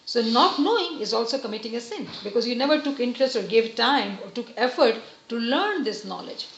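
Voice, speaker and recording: A woman giving an earnest, gentle religious lesson, explaining each point patiently. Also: a little high, expressive, a little fast, slight background noise. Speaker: religious teacher. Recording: roomy, slightly dull recording.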